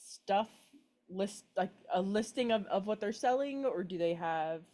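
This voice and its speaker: A woman taking part in a tabletop role-play game. She talks hesitantly, restarting her sentences and apologizing. Her voice is warm and mellow. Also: mid-range voice, expressive, measured pace. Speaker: player.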